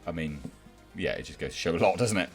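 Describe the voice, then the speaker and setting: A deep-voiced man delivers a sarcastic, exasperated rant as a commentator, mocking and scoffing as he goes. Faint music sits quietly behind his voice. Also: lively intonation, quick pace, creaky. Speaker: YouTube film commentator. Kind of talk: ranting commentary.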